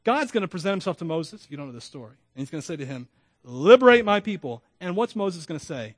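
A man preaching a sermon as pastor, animated, with humorous asides and self-deprecating jokes. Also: a little high, rapid-fire, husky, no echo, studio quality. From Florida.

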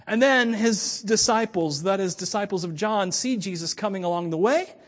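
Man, pastor, very high voice, relaxed sermon, chatty with little jokes. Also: normal speed. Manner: conversational, joking asides.

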